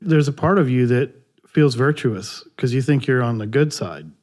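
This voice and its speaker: Halting male podcast co-host. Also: mid-range voice, lively intonation, darkish tone. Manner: loose, halting, introduces clips. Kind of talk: casual political chat.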